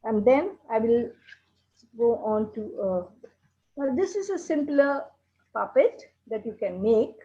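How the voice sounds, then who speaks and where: A woman leads a puppetry workshop in a gentle, explanatory teaching manner. She speaks slowly, with a slightly high voice. The recording sounds dull and lo-fi. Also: expressive.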